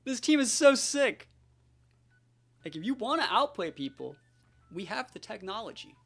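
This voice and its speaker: A man's voice: high voice, sing-song, moderate pace, vocal fry, a bit bright, breathy edge. A man giving live commentary on his own competitive game matches, hyped and full of slangy trash talk.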